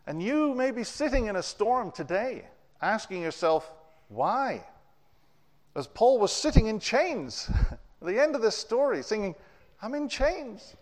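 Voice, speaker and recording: Man preaching in a reverberant hall. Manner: storytelling, with wide swings in pitch and loudness. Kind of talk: sermon. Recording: long reverb of a large hall.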